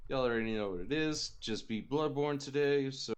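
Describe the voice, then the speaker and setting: A man's voice: mid-range voice, normal speed, clean tone. A man playing in a tabletop game stream, chatting in a laid-back, easy way. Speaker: streamer and player. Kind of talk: casual stream chat.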